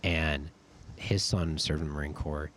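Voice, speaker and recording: A young man, a podcast guest and army sergeant, telling stories in a relaxed, casual way, full of "dude" and "like.". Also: a bass voice, a little slow, a little hiss or hum. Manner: laid-back, says "dude" and "like" a lot. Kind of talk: casual storytelling chat.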